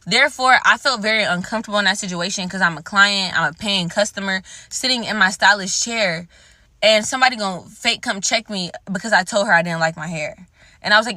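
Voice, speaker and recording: A woman's voice: mid-range voice, brisk, sharp tone, dry recording. A woman telling a story time to her viewers, heated and full of swearing. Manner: heated, profane and emphatic. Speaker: vlogger.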